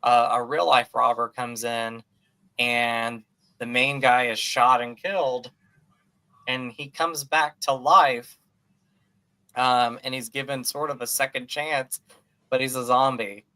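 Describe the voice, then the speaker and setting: An enthusiastic man co-hosts a casual movie podcast, his voice bright and crisp. He gushes and rambles happily, with plenty of fillers along the way. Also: medium pitch, slow pace. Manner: animated, gushing, many fillers. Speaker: podcast co-host.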